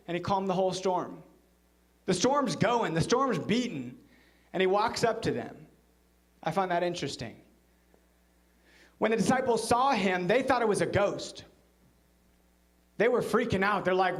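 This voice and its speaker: A man, the pastor, preaching a sermon in church and telling a story, at times dropping into a hushed low voice for quoted lines. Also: animated, normal speed, pauses often.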